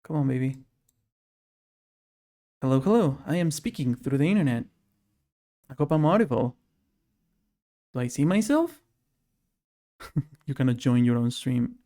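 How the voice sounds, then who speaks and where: A man's voice: mid-range voice, expressive, measured pace, pauses often, mellow. A man streaming himself playing a game, chatting casually and haggling jokingly with the characters on screen. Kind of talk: casual live-stream commentary while gaming.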